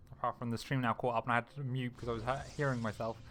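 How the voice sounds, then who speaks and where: Excitable young man casting a live game. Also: mid-range voice. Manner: excitable, quick reactions, frequent laughs. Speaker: esports caster. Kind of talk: solo live game commentary.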